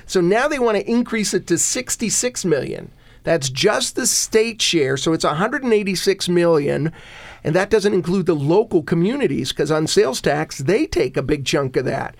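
High-voiced guy ranting on a talk radio panel, emphatic, dry close mic. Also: normal speed, vocal fry, no room sound. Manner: animated, emphatic griping. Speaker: state senator and regular panelist. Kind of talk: political talk radio chat.

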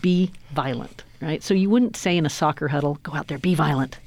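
A woman hosting a political talk radio show, brisk and upbeat as she leads each segment. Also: deep voice, animated, darkish tone, no echo. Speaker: radio host.

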